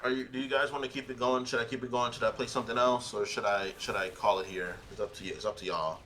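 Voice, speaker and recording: A man's voice: mid-range voice, steady tone, quick pace, bright, forceful tone, a little hiss or hum. A man streaming live, chatting casually with friends and his viewers, laid-back and swearing offhandedly. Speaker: livestreamer. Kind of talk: casual chat on a livestream. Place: his own room.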